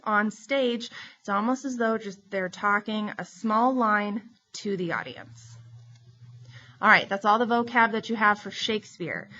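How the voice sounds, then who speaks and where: A woman teacher giving a recorded lesson, explaining terms in a clear, steady way. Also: medium pitch, highs cut off.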